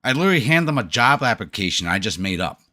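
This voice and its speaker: Talking fast in a lowish, sharp voice with big pitch swings, a middle-aged New Yorker from the United States banters casually with his stream audience. As a livestream gaming host, he's blunt and swears freely.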